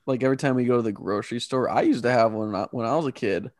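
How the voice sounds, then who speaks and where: A man with a mid-range voice joins a casual podcast chat. He cuts in with quick, chatty remarks. The sound is dry. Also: medium pitch, a little mellow, no echo.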